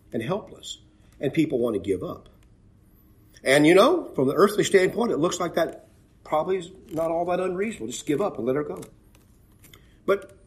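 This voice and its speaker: A man preaching a sermon, retelling a Bible story in an earnest way that rises to emphatic peaks and drops low again. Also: darkish tone.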